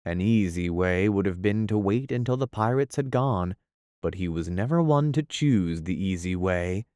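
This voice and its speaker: A man narrating a classic novel as an audiobook, in a measured storytelling manner. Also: deep voice, expressive, a little mellow, clean tone, dry recording, clean studio sound. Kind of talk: scripted narration.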